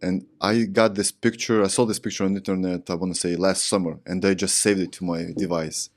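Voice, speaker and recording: A man hosting a podcast interview, who speaks English as a second language and asks his questions haltingly. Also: low-pitched, little pitch movement. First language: not English. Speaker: podcast host.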